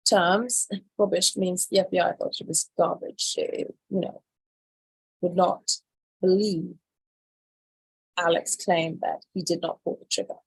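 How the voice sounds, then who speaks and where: Lady hosting a live news chat, slow talker, dry sound, reads headlines out and questions them. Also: fairly low pitch, creaky, breathy edge, no echo, rough recording. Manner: chatty, incredulous, reads headlines aloud. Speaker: host. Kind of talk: casual news commentary livestream.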